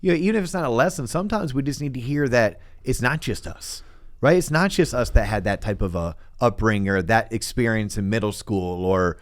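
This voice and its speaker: A man's voice: medium pitch, animated, a little fast, no echo, clean studio sound. A man hosting a podcast interview, encouraging and affirming his guest, with fillers. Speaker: podcast host. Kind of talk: casual interview chat.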